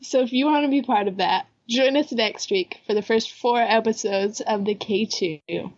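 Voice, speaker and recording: A woman co-hosting a podcast who chats casually, giggling often, while nursing a head cold. Her voice sits slightly high, and the recording sounds a touch dull. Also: normal speed, no echo. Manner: giggly, upbeat. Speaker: podcast co-host.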